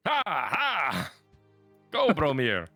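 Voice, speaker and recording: A man voicing a small, nervous young male knife-juggler in a tabletop game, stammering and hurried. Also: lowish voice, big pitch swings, sharp tone, dry recording, soft background music. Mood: excited.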